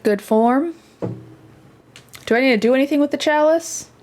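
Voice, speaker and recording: A woman's voice: high-pitched, normal speed, a little mellow. A woman streamer chatting casually and reacting aloud as she plays a game. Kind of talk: casual let's-play commentary.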